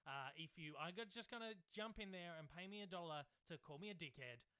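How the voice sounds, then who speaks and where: A man's voice: high-pitched, lively intonation, a little fast, pushed and bright, clear, resonant tone. A young man hosting a casual livestream Q&A from home, rambling and chatty with lots of fillers. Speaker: YouTube channel host. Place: home, in Melbourne.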